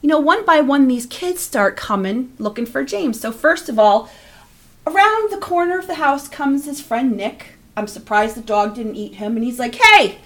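A woman's voice: high voice, moderate pace. A middle-aged woman co-hosting a podcast, telling a story in casual chat, acting out the people she quotes and swearing freely. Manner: animated, acts out quotes, swears, laughs a lot. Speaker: podcast co-host.

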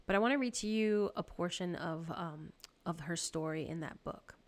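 A woman hosting a faith podcast, giving an earnest devotional talk with frequent ums and soft whispered moments. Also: on the low side, moderate pace. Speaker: podcast host.

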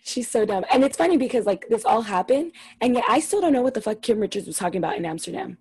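A woman's voice: a little high, sing-song, fast, darkish tone, breathy edge, no echo, low-quality recording. A young woman co-hosting a podcast, chatting casually and ranting with lots of swearing about a reality show. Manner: profane, exasperated, ranting. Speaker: podcast co-host.

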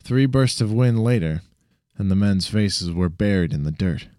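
Amateur male story reader, deep, dark tone, dry close sound, frequent restarts. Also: expressive, moderate pace, dry recording. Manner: frequent restarts and self-corrections. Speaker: narrator.

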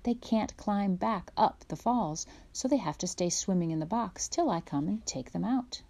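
A woman voicing a kindly, patient pioneer father who talks in a steady, reassuring way. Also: medium pitch, moderate pace. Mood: explaining.

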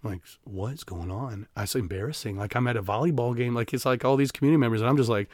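A man in his forties, a band teacher from Iowa, talking candidly as a guest in a podcast interview, halting and reflective, with many fillers and restarts. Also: mid-range voice, darkish tone, dry recording, studio quality. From Iowa, USA. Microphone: studio podcast microphone.

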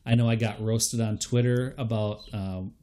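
Low-voiced man talking football picks. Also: normal speed. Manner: relaxed, hedging with fillers. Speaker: fantasy football analyst. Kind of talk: casual podcast chat.

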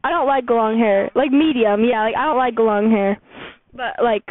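A woman's voice: fairly high pitch, normal speed, no echo. A teenage girl co-hosting a casual question-and-answer podcast, chatty and giggly, with lots of "like". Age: teens. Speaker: podcast co-host. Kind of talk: casual Q&A chat. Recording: phone-like narrow audio.

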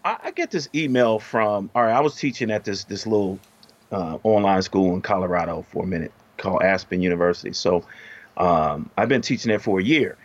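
A middle-aged man telling a story in casual podcast chat, profane and animated, his voice jumping up when he gets heated. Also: low-pitched, a little fast, highs cut off. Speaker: podcast co-host.

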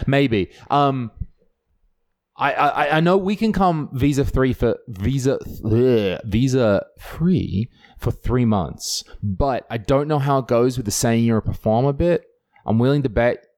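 An Australian man, a comedian, telling stories in casual chat, animated and sweary with frequent laughter. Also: mid-range voice, unhurried.

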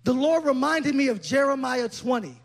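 A man preaching a sermon with passion, swinging from quiet, low-key storytelling up to loud shouting. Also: moderate pace, creaky. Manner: impassioned, builds to loud shouting.

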